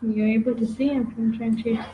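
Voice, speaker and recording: A woman's voice: fairly high pitch, little pitch movement, normal speed, dark tone, echoey room, slight background noise, poor audio. A woman teaching an online exam-prep webinar, coaching students and checking in with a frequent "okay?".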